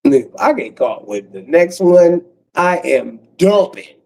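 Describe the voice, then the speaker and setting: A man in his forties doing a profane comedic rant on a livestream, breaking into cackles and swinging from loud outbursts to low mutters. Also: very animated, unhurried, creaky, rough recording. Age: 40s.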